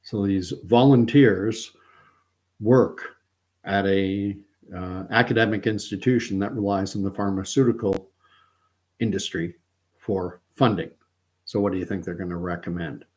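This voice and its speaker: A man's voice: low voice, fairly even intonation, measured pace, darkish tone. A middle-aged man hosting a livestream, talking through his views in a rambling, earnest way, often correcting himself mid-sentence. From Canada. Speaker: livestream host. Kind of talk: casual opinion monologue.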